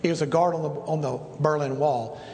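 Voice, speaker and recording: Middle-aged male preacher, folksy and rambling, slightly high voice, sermon in a reverberant sanctuary. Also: fairly even intonation, brisk, darkish tone. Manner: folksy, rambling with many restarts and asides. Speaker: pastor. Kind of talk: sermon storytelling. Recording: echoey hall with long reverb, faint noise.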